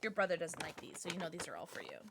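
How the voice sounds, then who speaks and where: A woman livestreamer chatting casually with her viewers, playful and jokey, thanking them warmly and cooing in baby talk to her dogs. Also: low-pitched, big pitch swings, very fast, vocal fry, heavy background noise. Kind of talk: casual chat with stream viewers.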